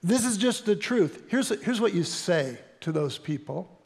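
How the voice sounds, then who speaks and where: Speaking in a church sanctuary awash in long reverb, a pastor tells earnest stories in his sermon and repeats important lines for emphasis. His voice is high and a little mellow, with lively intonation and a measured pace.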